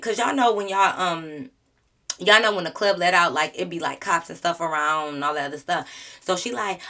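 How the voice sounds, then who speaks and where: A woman YouTuber telling a storytime vlog in a sassy, slangy, animated way. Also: fairly low pitch, fairly quick.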